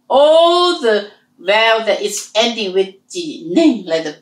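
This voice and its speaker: A woman's voice: mid-range voice, big pitch swings, slow pace. A woman whose first language is Hmong, teaching a language lesson and patiently repeating and drilling each sound. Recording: roomy echo.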